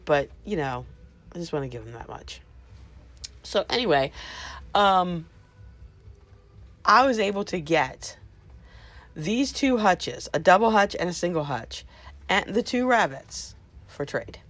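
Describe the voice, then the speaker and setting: Outdoors beside the hutches on her farm, a woman with a lowish voice shows off her new rabbits in a casual vlog walk-through. She chats to the camera and coos softly at the animals.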